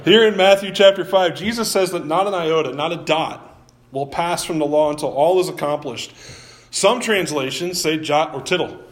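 Conversational pastor with a higher voice. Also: male voice, moderate pace, echoey room. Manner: conversational, often restarts words, quizzes the congregation. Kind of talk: sermon. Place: church sanctuary.

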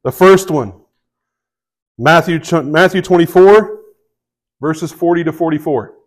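A man's voice: fairly high pitch, measured pace, rough recording. A man preaching a sermon in a conversational way, often checking in with his listeners and reading scripture aloud with rising emphasis. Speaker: pastor.

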